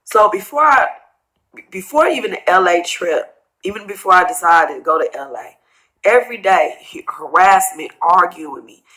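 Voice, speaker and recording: A middle-aged woman, tearful and tired, rambling through a personal story in a vlog and quoting others in hushed asides. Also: fairly low pitch, animated, moderate pace, rough recording. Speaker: vlogger telling a personal story.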